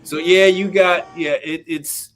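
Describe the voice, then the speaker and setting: A livestream host with a fairly high voice and fairly even intonation speaks unhurriedly. His casual talk is a blunt, profane rant full of swearing.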